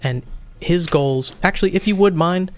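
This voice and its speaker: A man's voice: high-pitched, normal speed. A man as game master, patiently explaining rules and checking in with his player. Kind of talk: running a tabletop game.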